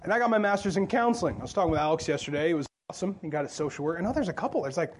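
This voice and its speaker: A man's voice: a little high, animated, very fast. A male pastor preaching a sermon in church in a loose, joking, conversational way, often asking the crowd questions.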